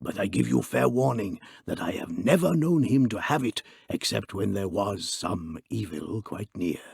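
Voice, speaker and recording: A male audiobook reader voicing a steady, wry male companion who speaks in a calm, measured way. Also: lowish voice, gravelly, breathy edge, no room sound, studio quality, exaggerated voice.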